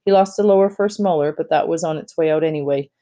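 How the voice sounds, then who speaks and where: A reader voicing a calm, patient female school dean who speaks in a measured, soothing way. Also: medium pitch, natural voice.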